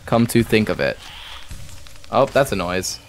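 A man's voice: on the low side, sing-song, measured pace, faint music behind. A young man streaming a game live, talking to himself in jumpy, nervous chatter and swearing often. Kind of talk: live gameplay commentary.

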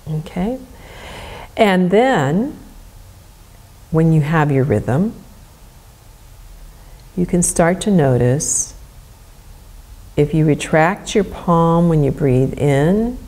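A middle-aged woman guiding a gentle movement lesson in a soft, soothing, unhurried way. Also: deep voice, lively intonation. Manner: soft, slow, soothing instruction. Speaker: movement educator.

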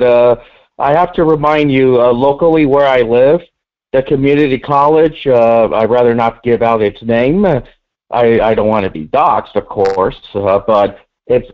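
A male caller speaking hesitantly, pausing often as he asks for advice. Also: medium pitch. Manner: hesitant, full of pauses. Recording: dull lo-fi phone call.

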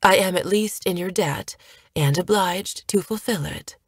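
A woman narrator performs a guarded elf woman with a formal, measured way of speaking. Her firmness hides a private hurt. The low voice is recorded close and dry. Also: slightly rough, no echo. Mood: wistful. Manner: firm, formal. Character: elf woman, proud, guarded, secretly wounded.

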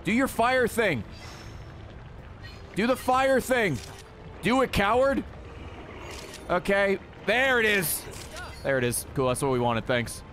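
An American man giving casual, excitable gameplay commentary, joking and talking to the creatures on screen. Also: high voice, unhurried, pauses often, slight background noise. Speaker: gaming video creator.

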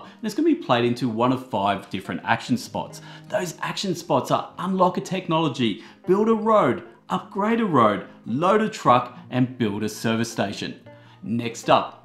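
A man reviews a board game for laughs, explaining the rules while tossing in slangy jokes and animated asides. His pitch swings widely from one line to the next, and faint music plays underneath.

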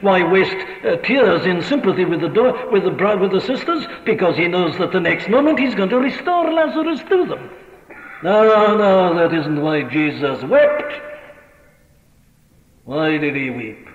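A man's voice: high voice, animated, a little slow. A man preaching a sermon, impassioned and emphatic, who asks question after question and repeats his points. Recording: lo-fi archive recording in an echoey hall.

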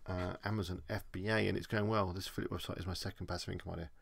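A man's voice: low-pitched, steady tone, rapid-fire, vocal fry, breathy edge, no echo. A man with an English accent, chatting casually as he answers viewer questions on a live stream.

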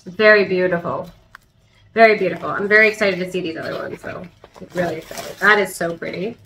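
A woman's voice: fairly low pitch, brisk, low-quality recording. Chatty young woman unboxing plants. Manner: chatty, excited, hesitant, with many restarts and laughs. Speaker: plant channel host. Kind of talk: casual unboxing chat.

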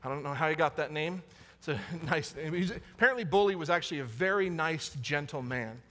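A pastor delivers a sermon in a fairly high, slightly bright voice, brisk and lively in intonation. He's earnest and repeats key lines to drive them home, his words echoing through the long reverb of the church sanctuary.

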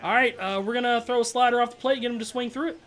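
A man giving casual, slangy commentary over his own gameplay, excitable and trash-talking, with loud outbursts. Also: very high voice, quick pace. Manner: slangy, keeps saying bro and dog. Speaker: gaming YouTuber.

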